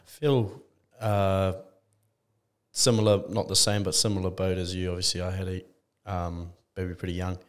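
A man hosting a podcast in a relaxed, casual way, swearing easily as he chats. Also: sits low, normal speed, clear, resonant tone. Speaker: podcast host. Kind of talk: casual interview chat.

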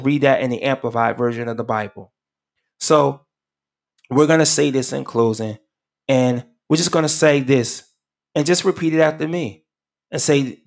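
A man at mid pitch closes his sermon on a live radio broadcast, then leads a prayer that keeps coming back to the same phrases. He talks loosely, with frequent fillers and restarts. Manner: repetitive prayer cadence, many fillers. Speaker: radio preacher.

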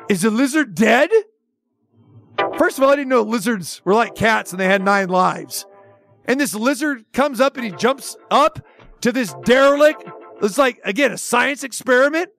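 A man's voice: extremely high pitch, gravelly, fairly bright tone. A man hosting sports radio, ranting with sarcasm and exasperation, firing off rhetorical questions. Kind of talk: opinionated sports talk rant.

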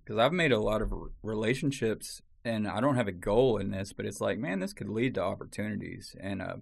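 A man's voice: lowish voice, animated, fairly quick, gravelly, slightly rough. A man in a casual chat, talking in a laid-back, rambling way with swearing and lots of fillers.

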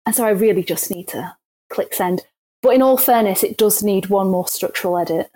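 A woman's voice: mid-range voice, brisk, dark tone. Woman with a northern English accent. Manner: friendly, laughs easily. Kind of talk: casual podcast chat.

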